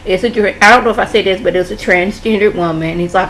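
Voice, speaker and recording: A woman talking casually as a vlogger, walking through an episode of a show in a chatty recap. Her voice sits at a middling pitch, and she slips into quick impressions of the characters as she retells scenes. A faint hiss of noise runs underneath. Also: fairly bright tone, rough recording.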